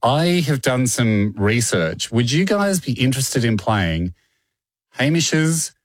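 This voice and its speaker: Male podcast host, lively pitch, dry close sound, animated laughing delivery. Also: slow pace, no echo. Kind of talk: casual podcast chat.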